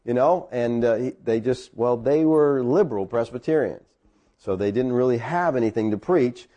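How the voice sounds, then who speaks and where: A middle-aged man, a pastor, telling a personal story in a sermon and rising high when he gets excited. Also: moderate pace, dull audio.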